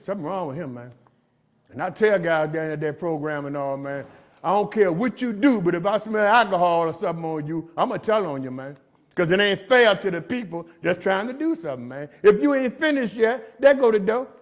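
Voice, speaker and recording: A man's voice: high-pitched, animated, fairly quick. A middle-aged man giving a streetwise recovery testimony to inmates, preachy and calling everyone "man" as he talks. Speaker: recovery speaker. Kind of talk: testimony talk. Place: jail meeting room.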